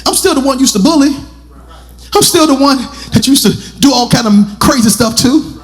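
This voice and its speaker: A male pastor preaching, swinging into shouted, half-sung lines and calling on the congregation. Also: very high voice, a little fast, soft background music. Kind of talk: sermon. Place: church sanctuary.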